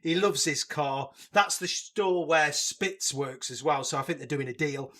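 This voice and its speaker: A man co-hosting a podcast in casual chat, walking through a story beat by beat. His voice sits somewhat high, and he breaks up the recap with dry, sweary asides. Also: unhurried, sharp tone. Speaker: podcast co-host.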